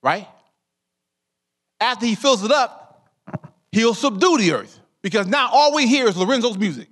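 A man's voice: high-pitched, expressive, normal speed, fairly bright tone. A man preaching a sermon as pastor, calling his congregation saints and drawing them in with call-and-response questions.

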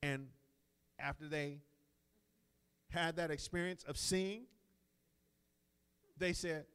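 A middle-aged man preaching a sermon in a conversational way, moving between quiet asides and loud, emphatic lines. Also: fairly high pitch, steady tone, takes it slowly, pauses often, clear, resonant tone. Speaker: pastor.

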